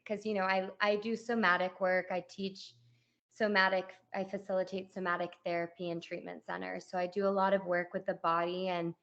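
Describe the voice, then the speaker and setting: A woman's voice: medium pitch, a bit bright. Chatty woman podcast host, lo-fi. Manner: chatty, many "like" and "you know" fillers. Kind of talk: casual interview chat.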